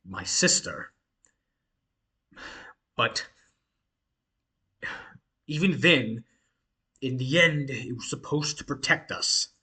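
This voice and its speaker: A man's voice: fairly low pitch, pushed and bright, exaggerated voice. A man voicing a defensive young male lord who speaks hesitantly with restarts.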